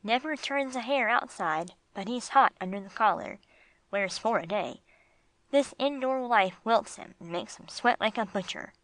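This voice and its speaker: A woman voicing a gruff, streetwise male bulldog with slangy tough-guy talk, read for an audiobook. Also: on the high side, animated, moderate pace, fairly bright tone, low-quality recording.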